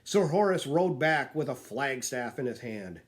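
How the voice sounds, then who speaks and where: Here a man gives an expressive, storytelling reading of a children's picture book in a mid-range, unhurried voice.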